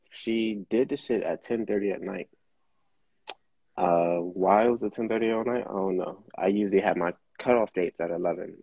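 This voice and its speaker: Young New guy, deep husky voice, dry close sound, casual profane storyteller. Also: dark tone, no echo, rough recording. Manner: profane, laid-back, slangy. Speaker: car rental host.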